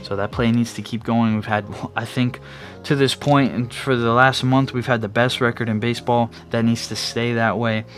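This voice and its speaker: A man's voice: mid-range voice, fairly even intonation, normal speed, a bit bright. A young man hosting his own sports podcast, talking casually in a rambling way, with frequent restarts and fillers. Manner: yawning at times. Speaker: podcast host. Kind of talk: casual solo sports talk. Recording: faint background music.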